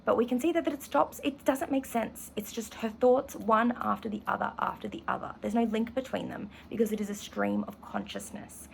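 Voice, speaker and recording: A woman's voice: a little high, fairly even intonation, a little fast, creaky, hardly any pauses, a little hiss or hum, low-quality recording. A woman English teacher explaining a novel and reading a passage aloud, enthusiastic and correcting herself as she goes. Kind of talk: literature lesson with read-aloud passage.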